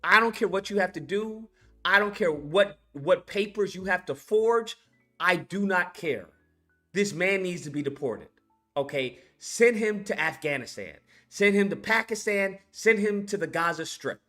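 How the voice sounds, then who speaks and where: Animated, profane movie-rant YouTuber. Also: mid-range voice, measured pace, faint music behind. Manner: excitable, swears freely, acts out scenes. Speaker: film commentary YouTuber.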